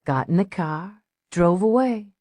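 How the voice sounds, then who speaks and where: A strung-out albino street junkie drifts through her words in a slow, dreamy sing-song, as a woman narrator puts her on. The voice sits fairly low and the audiobook sound is dry and close. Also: expressive, mellow, dry recording. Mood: drawling. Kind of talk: audiobook character voice.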